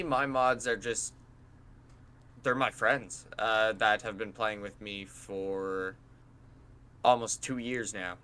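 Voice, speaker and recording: Guy cohosting a podcast, lowish voice but bright and punchy, swears a lot, laughs through his stories. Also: clean tone. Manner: animated storytelling, swears and laughs often. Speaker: podcast co-host and streamer. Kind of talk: casual chat.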